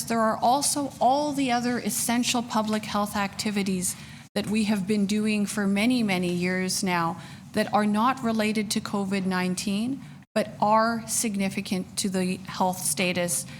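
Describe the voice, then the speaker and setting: A woman official speaks at a council meeting in a middle-pitched voice, thankful and audibly moved. She pauses often with fillers. Faint background noise runs under her voice. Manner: emotional, thankful, many fillers. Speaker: public health official. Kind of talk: formal remarks at a council meeting.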